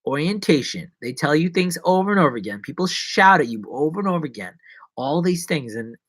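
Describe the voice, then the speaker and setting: A man livestreaming alone chats casually in a sing-song, a bit bright voice, moving fairly quickly. Rambling playfully, he whispers one moment and squeaks the next.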